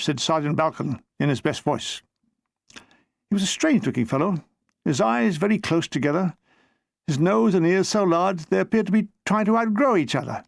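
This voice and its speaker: Gravelly high-voiced man telling a comic story. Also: lively intonation, normal speed, no echo. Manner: dry comic storytelling, briefly mimicking characters. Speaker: author reading his own memoir. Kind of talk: audiobook narration.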